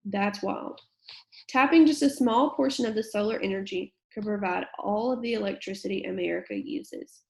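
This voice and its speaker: A woman's voice: medium pitch, moderate pace, creaky, darkish tone, rough recording. A woman teacher giving a recorded middle school English lesson. She reads a passage aloud and then explains it in a patient, conversational way with plenty of fillers.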